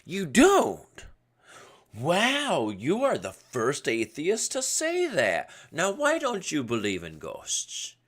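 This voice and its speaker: A man's voice: fairly high pitch, huge pitch swings, slow pace, fairly bright tone, pitched above the performer's own voice, exaggerated voice. A man putting on an exaggerated voice for a nosy male neighbor who quizzes him in a sing-song, questioning way. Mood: incredulous.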